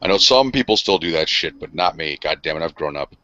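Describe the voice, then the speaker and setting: Deep, bright-toned man in his forties. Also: expressive, a little fast, dry recording, lo-fi sound. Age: 40s. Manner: rambling, profane, self-mocking. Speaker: podcast co-host. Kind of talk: casual chat.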